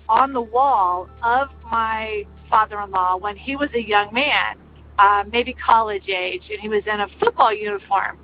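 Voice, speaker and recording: An older woman earnestly telling a personal ghost story in a casual, meandering way, with many pauses. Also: on the high side, slight background noise. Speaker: caller sharing a ghost story. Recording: slightly muffled, faint music behind.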